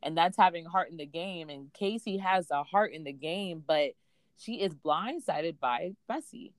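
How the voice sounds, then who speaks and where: A woman's voice: fairly low pitch, unhurried, dry recording. A woman, co-hosting a podcast and chatting about a reality show, opinionated and acting out other people's quotes. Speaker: podcast co-host. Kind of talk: casual chat recapping a reality show.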